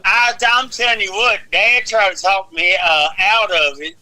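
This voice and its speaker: A man's voice: high-pitched, fairly even intonation, unhurried, sharp tone, poor audio. A man, telling rambling wrestling stories in casual chat, swearing and laughing as he goes. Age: 40s. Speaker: wrestling podcast co-host.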